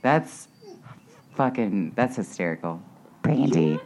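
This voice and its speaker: A woman's voice: very deep voice, expressive, takes it slowly, a little mellow. A woman co-hosting a podcast in casual chat, laid-back and often trailing off. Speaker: podcast co-host.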